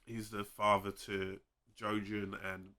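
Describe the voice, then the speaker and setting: Man, casual chat, relaxed and hesitant, bright tone. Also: fairly low pitch, slow. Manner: laid-back, hesitant, breaks into playful impressions. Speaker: podcast co-host.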